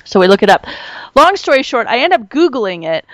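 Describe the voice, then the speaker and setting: A woman's voice: on the high side, big pitch swings, a little fast, dry recording. A woman hosting a casual chat, telling stories animatedly and laughing often.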